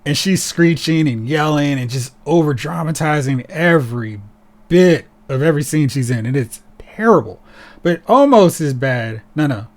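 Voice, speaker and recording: Podcast host, male, fairly high voice, lively and sarcastic in relaxed chat. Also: moderate pace. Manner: animated and sarcastic, mocking characters in put-on voices.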